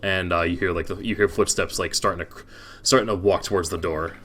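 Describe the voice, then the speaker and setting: A man's voice: deep voice, steady tone, a little fast, fairly bright tone, soft background music. A young man narrating a tabletop game as game master, rambling with many restarts and fillers.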